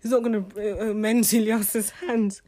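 A woman's voice: medium pitch, little pitch movement, a little slow, dark tone. A woman giving a casual spoken book review, chatty and emotional, often restarting her sentences.

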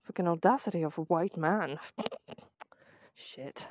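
A woman's voice: fairly low pitch, moderate pace, darkish tone, no room sound. Sweary British woman ranting on a walk. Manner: ranting, heavy swearing, sarcastic. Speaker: vlogger. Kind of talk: casual voice-memo chat while walking. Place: outdoors on a walk to the seaside. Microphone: phone voice memo.

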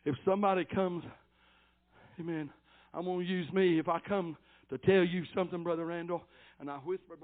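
High-voiced older preacher, tinny recording. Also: male voice, level tone, normal speed. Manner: fervent preaching cadence, peppered with amens, swelling to shouts. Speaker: pastor. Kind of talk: sermon. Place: church service.

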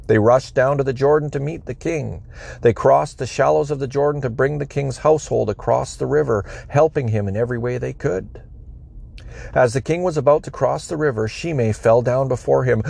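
Man, gravelly voice, scripture reading, measured, expressive. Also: medium pitch. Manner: measured, expressive reading, voicing the quoted speakers. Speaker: Bible reader.

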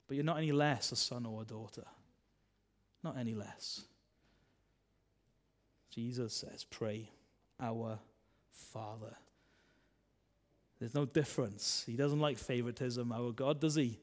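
A man, a minister preaching a sermon in a chatty style, full of tag questions and swings between loud and soft. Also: mid-range voice, moderate pace, pauses often.

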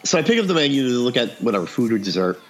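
A man's voice: mid-range voice, big pitch swings, rapid-fire, soft background music. A man casually telling a funny story on a podcast, acting out the dialogue and laughing often.

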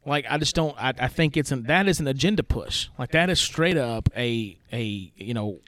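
A man's voice: medium pitch, animated, moderate pace, fairly bright tone, slight background noise. A man co-hosting a podcast, arguing his opinions emphatically in casual chat full of "like" fillers. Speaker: podcast co-host.

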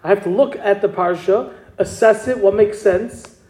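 A man's voice: high voice, normal speed, a little mellow. A man teaching a Talmud class, explaining step by step and asking his students questions. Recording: echoey room with noise.

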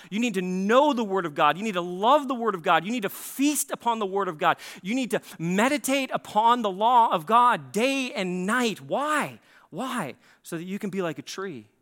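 A man preaching an earnest sermon in church, pressing his points with repeated words and quick restarts. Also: sits high, bright, forceful tone. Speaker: pastor. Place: church sanctuary.

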